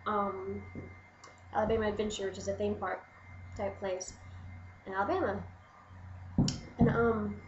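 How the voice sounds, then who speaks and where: A young adult woman vlogger telling a story in an excited, rambling way, full of "like". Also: medium pitch, reverberant, highs cut off, slight background noise. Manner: excited, rambling, gushing, lots of "like". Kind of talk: casual storytelling to camera.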